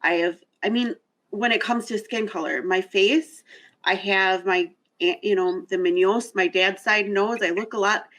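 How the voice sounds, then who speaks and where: Brief: woman host, crisp and bright tone, candid and reflective chat. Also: medium pitch, steady tone, a little slow, low-quality recording. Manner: candid, reflective, restarts thoughts. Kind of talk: casual discussion.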